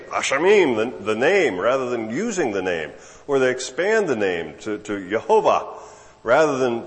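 A man preaching a sermon, emphatic and repetitive, dropping low and then rising sharply for emphasis. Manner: emphatic, repeats words, swings from low murmur to raised voice. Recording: long hall reverb.

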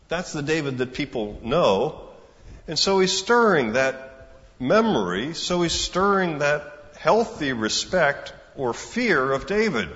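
A man's voice: medium pitch, fairly bright tone. A man preaching a sermon in a conversational, storytelling way, acting out the dialogue of the story. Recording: muffled reverberant hall recording.

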